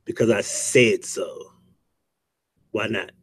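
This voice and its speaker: A man's voice: fairly low pitch, fairly even intonation, takes it slowly, a little hiss or hum. A man hosting a casual livestream who curses freely, jokes, and greets chatters by name. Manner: profane, joking banter, greets chatters. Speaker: livestream host.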